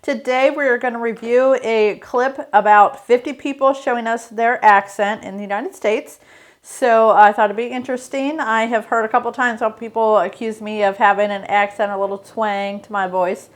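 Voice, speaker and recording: A woman from Ohio with a slight Ohio accent, hosting a reaction video in a relaxed, casual way with many fillers. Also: on the high side, moderate pace. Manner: relaxed, filler-heavy chat. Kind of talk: casual commentary.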